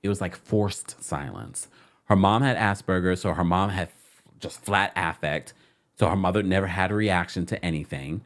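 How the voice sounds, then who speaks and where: A man hosting a casual reality TV recap, chatty and animated, repeating phrases for emphasis. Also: deep voice, moderate pace.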